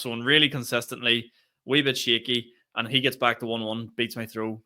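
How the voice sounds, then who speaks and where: A young man with a Northern Irish accent tells a rambling, animated story in a casual podcast chat, swearing freely along the way. His voice is bright and sharp-edged, pitched around the middle for a man. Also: brisk. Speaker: podcast co-host.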